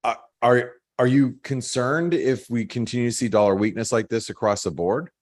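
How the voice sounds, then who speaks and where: A man's voice: mid-range voice, normal speed, a little mellow. A man talking casually on a trading webinar as a market analyst, loose and chatty with many fillers, laughing at his own jokes. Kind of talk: casual chat walking through charts.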